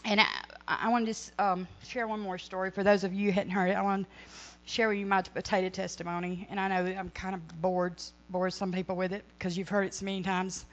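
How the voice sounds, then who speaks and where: A woman's voice: medium pitch, flat delivery, fairly quick, highs cut off. A middle-aged woman sharing a church testimony, earnest and rambling, often correcting herself. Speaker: ministry speaker.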